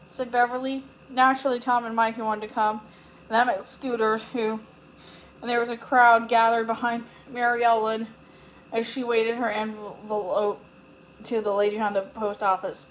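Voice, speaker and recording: A woman reading a children's chapter book aloud in a clear, steady storytelling voice, with a few slips. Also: a little high, brisk, slight background noise, poor audio. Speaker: storybook reader.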